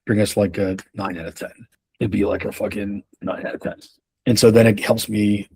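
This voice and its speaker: A man with a slightly low, husky voice leads a sales coaching session. He talks loosely and profanely, with plenty of restarts and anecdotes. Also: flat delivery, moderate pace, a little mellow. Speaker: sales leadership trainer. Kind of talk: casual coaching talk.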